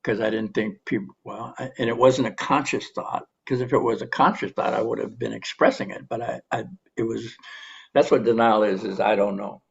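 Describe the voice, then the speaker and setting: A man with a gravelly, husky voice leading a recovery meeting, talking in an earnest, halting way on a podcast. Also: fairly low pitch, fairly even intonation, muffled recording. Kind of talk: reflective podcast talk.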